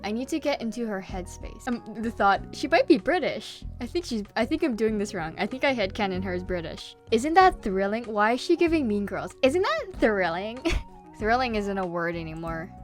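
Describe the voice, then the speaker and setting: A woman's voice: medium pitch, expressive, brisk, faint music behind. A woman narrating her animation vlog in a chatty, self-deprecating way. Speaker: animation YouTuber.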